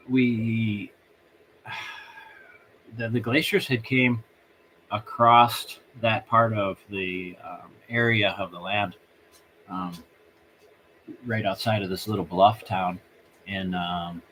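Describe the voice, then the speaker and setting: Rambling live-stream host, a man, low voice, faint hiss behind. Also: a bit bright. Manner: rambling and halting, circling back. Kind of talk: casual live-stream storytelling.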